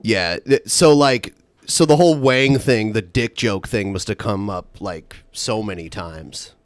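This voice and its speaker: A man's voice: fairly low pitch, unhurried, no echo. A man co-hosting a podcast, chatting casually and laughing often. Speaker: podcast co-host.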